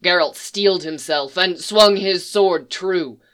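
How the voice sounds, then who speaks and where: A reader narrating a dark fan fiction story in a measured, solemn way. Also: mid-range voice, smooth.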